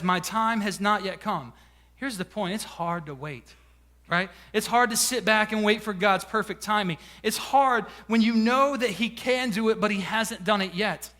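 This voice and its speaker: A pastor delivers his sermon in a high, bright voice. He talks in a chatty, joking way, then stretches out phrases slowly to drive a point home. The voice is forceful and clear. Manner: conversational preaching with dramatic slowdowns.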